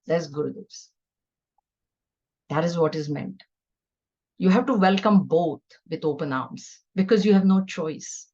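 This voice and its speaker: A woman's voice: low voice, a little mellow, dull audio. A middle-aged woman giving a scripture class, teaching earnestly and conversationally with stories. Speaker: spiritual teacher.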